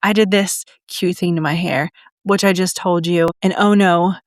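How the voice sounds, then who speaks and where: In a clean studio recording with no room sound, a woman speaks in a fairly low voice with fairly even intonation and a moderate pace. She's the host of a solo podcast, chatting casually and breathlessly, giggling, rambling and repeating herself.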